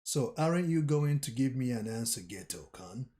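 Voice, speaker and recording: A man voicing a confident, carefree woman sorcerer, reading her lines slowly and plainly with little change to his voice. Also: medium pitch, animated, mellow, close to an everyday voice. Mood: playful.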